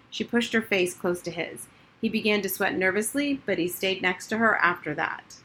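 Woman audiobook narrator, expressive children's storybook read. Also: medium pitch, normal speed. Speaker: audiobook reader.

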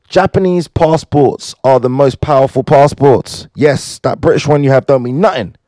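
A man casually reading out fun facts, joking and riffing on them in quick asides. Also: medium pitch, dry recording. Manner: animated, jokey, asides to himself. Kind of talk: casual fun-fact commentary.

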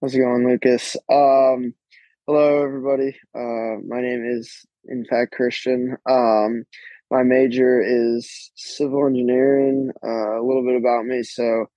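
A young male engineering student from Chicago, introducing himself in a slow, halting way. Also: medium pitch, level tone, warm tone, dry recording, rough recording. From Chicago, Illinois. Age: young adult. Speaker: student guest.

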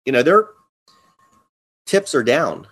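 Male co-host, easygoing rambling chat, mid pitch. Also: big pitch swings, takes it slowly, fairly bright tone, slightly rough. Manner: rambling, many fillers and restarts. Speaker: podcast co-host. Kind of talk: casual chat.

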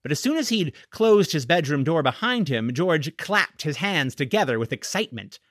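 A man narrating a family novel with a lively, expressive delivery that rises and falls a lot. His voice is bright and somewhat high, recorded close and dry. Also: moderate pace, dry recording. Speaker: audiobook narrator. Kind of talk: scripted narration.

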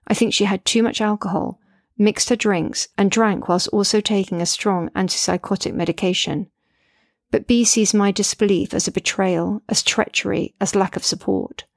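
A woman's voice: medium pitch, steady tone, moderate pace, creaky, dry recording, studio quality. A middle-aged woman, a mother, narrating her memoir in an earnest, reflective way.

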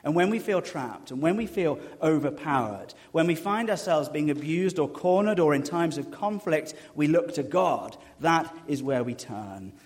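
A man preaching a sermon as a pastor, an animated storyteller who drops to a hush for emphasis. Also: fairly high pitch, moderate pace, few pauses. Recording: long reverb of a hall.

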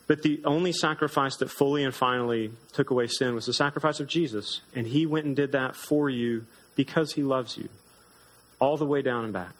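A man's voice: a little fast, a bit bright, a little hiss or hum, poor audio. A man preaching an earnest sermon as pastor, lifting his voice for emphasis. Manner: earnest, rises in pitch for emphasis.

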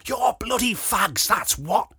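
A man voicing a blunt, brisk carpet fitter who mocks his partner, in a read-aloud story. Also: high-pitched, animated, pushed and bright, breathy edge, no room sound, studio quality, voice pushed up, heavily acted.

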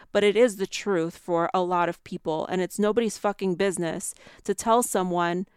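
Woman, podcast host, heated rant full of "like" and curses, smooth clear voice, close dry sound. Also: mid-range voice, no room sound. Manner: angry ranting, swearing, many fillers. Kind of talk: solo podcast monologue. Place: New York.

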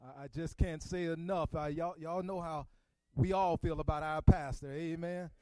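A man's voice: on the high side, steady tone, moderate pace, mellow, no echo. A man preaching a sermon in a church, folksy and conversational, speaking straight to the congregation. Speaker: guest preacher. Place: church sanctuary.

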